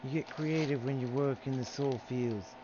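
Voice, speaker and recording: Cooking and chatting away to himself, this male gaming streamer drawls along, cursing freely. He speaks at a normal speed in a steady, mid-range voice, and the home recording sounds dull and noisy.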